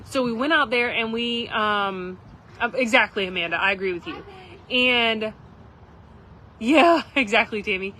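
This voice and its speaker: Speaking a little slowly in a sharp, high-leaning voice, a woman livestreams from a campground, casually rambling through a story for her viewers. Her chatter is full of "like" and "literally," and the recording is rough.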